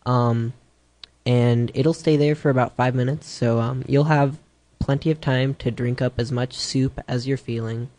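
Male podcast co-host, warm low tone, halting explainer. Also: fairly even intonation, no echo. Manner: halting, full of ums while explaining. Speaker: podcast co-host posing a question. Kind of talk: casual chat.

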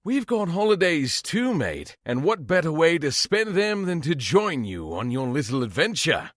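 A man voicing a cheeky young male friend who talks in a breezy, teasing way, in an animated story. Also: on the high side, moderate pace, no echo, studio quality.

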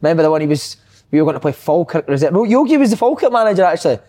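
A Scottish former footballer chats in a quick rush, laughing through his own anecdotes. His voice sits a little high for a man and keeps moving. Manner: animated storytelling, laughs often. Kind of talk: casual chat.

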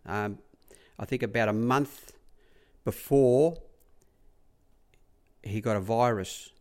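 With a mid-range, slightly mellow voice and a slow pace, a man with an Australian accent rambles casually through memories of his days as a track rider. His anecdotes keep circling back to "he said" and "I said."

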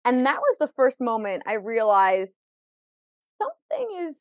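A woman's voice: a little high, moderate pace, dry recording. Woman, podcast guest, vivid storytelling, acts out other voices, dry close sound. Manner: vivid, acts out quoted people; repeats words when emotional. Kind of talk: personal storytelling.

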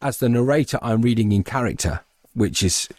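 A man's voice: mid-range voice, lively intonation, a little fast, darkish tone, no room sound, studio quality. A man who narrates audiobooks, chatting as an interview guest and explaining his work at length. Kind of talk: casual interview chat.

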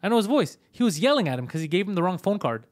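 A man's voice: high-pitched, rapid-fire. A man hosting a comedy podcast, telling a story in casual chat, swearing a lot and acting out both sides of a phone argument. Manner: animated, profane, acts out both sides of phone calls.

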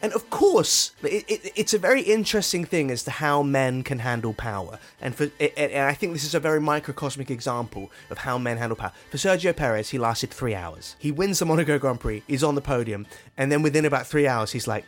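A man's voice: fairly quick, few pauses. A man co-hosting a comedic podcast, chatting loosely and jumping into exaggerated voices. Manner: animated, jumps into high exaggerated voices for impressions. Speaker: podcast co-host. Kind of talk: casual comedic chat.

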